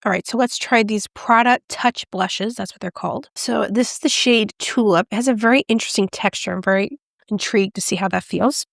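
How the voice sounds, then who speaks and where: A bubbly, excitable woman chatting through a makeup review and demo, gushing over each shade. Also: medium pitch, brisk, vocal fry, dry recording, studio quality. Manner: drops to a whisper when excited. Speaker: beauty vlogger. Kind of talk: casual product review and demo.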